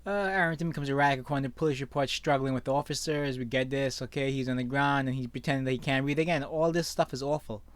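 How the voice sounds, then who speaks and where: Speaking quickly with hardly any pauses, a man with a steady, mid-range voice reads news stories aloud and comments on them. The online commentator is opinionated, his sentences often tagged with "okay?", and there is no echo.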